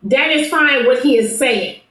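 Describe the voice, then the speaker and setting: A woman's voice: high voice, expressive, a little slow, fairly bright tone, reverberant. A woman hosting a live stream panel, insistent and cutting in to be heard in a heated argument.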